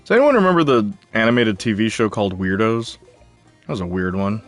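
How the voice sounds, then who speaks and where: A man's voice: on the low side, animated, a little fast, faint music behind. A young man hosting a live game stream, chatting casually and answering viewer comments. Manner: chatty, jumpy, talks back to chat.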